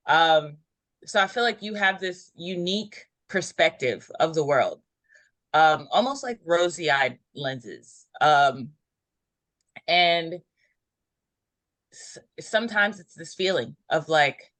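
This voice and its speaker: A woman giving an intuitive numerology reading in a casual group chat, meandering and filling pauses with ums. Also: low voice, animated, fairly bright tone, dry recording. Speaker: numerology reader.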